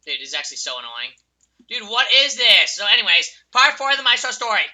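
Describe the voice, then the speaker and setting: Profane, furious young male gamer, piercingly bright. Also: sits high, very animated, quick pace. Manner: furious, profane, yelling insults at other players. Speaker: game streamer. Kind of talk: ranting gameplay commentary and personal storytelling.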